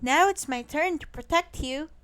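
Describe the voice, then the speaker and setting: A woman voicing a small young boy in a storybook, speaking eagerly and fast. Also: fairly bright tone. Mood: earnest. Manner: eager, high and quick.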